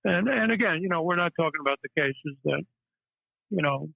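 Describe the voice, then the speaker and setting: A man, a psychiatrist guest, telling stories in a halting way with many fillers. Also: fairly high pitch, animated, gravelly, no echo. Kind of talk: casual interview storytelling. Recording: tinny phone-line audio, dry.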